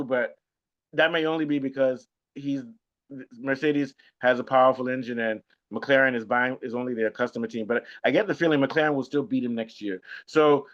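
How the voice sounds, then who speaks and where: A man co-hosting a casual sports podcast chat, talking in an animated way and often repeating words as he thinks. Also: medium pitch. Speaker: co-host. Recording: lo-fi dull sound.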